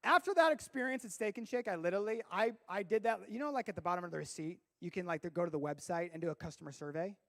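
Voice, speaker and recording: A man giving a lively youth sermon, his voice sitting high for a man. He tells stories with big swings, dropping low and then shouting out the punchlines. A gravelly edge runs through his voice. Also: fast talker, few pauses. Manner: animated storyteller, bursts into shouting for effect. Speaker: youth pastor.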